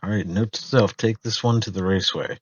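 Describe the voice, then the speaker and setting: A man's voice: fairly low pitch, fairly quick, husky, no echo, dull audio. A man interviewing a character with dry, wry questions in an improvised comedy show.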